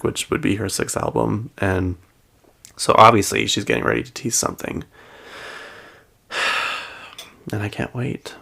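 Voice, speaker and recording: A man with a low, gravelly voice hosts a pop culture show and recaps celebrity and reality TV gossip. His talk is loose and chatty, full of "like" and "um", with laughs between sentences. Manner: chatty, heavy use of "like" and "um".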